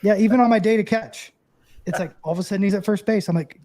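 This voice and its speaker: A man with a high-pitched voice, chatting casually as an interview guest. He tells animated stories and slips into the voices of the people in them. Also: quick pace. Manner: animated storyteller, acts out quoted voices. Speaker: former catcher and broadcast analyst guest.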